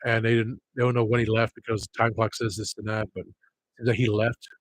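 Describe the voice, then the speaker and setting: A man's voice: on the low side, level tone, fast talker, rough recording. A man chatting casually on a livestream, rambling from one thing to the next and grumbling about people.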